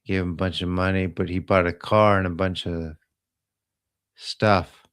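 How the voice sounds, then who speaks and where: A man with a very low voice tells a story in a loose, rambling way. He talks slowly, drifting from one detail to the next and adding little asides as he goes. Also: flat delivery, a bit bright, clear, resonant tone. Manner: slow, meandering retelling with trailing asides. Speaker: host of a live healing stream.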